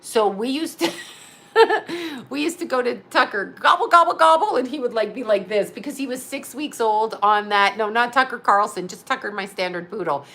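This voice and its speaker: A woman's voice: fairly high pitch, normal speed, a bit bright. A middle-aged woman rambling through a casual storytelling monologue as host, chatty, laughing often and acting out what others said.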